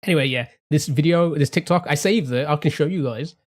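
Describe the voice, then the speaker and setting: A man's voice: a little high, a little fast. Casual man chatting on stream. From England. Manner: rambling, swears casually, frequent restarts. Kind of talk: casual live-stream chat.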